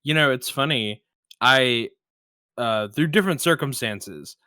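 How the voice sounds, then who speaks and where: A man hosting a casual interview, talking loosely and getting animated when he retells a story. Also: medium pitch, measured pace, no room sound, clean studio sound. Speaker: podcast host.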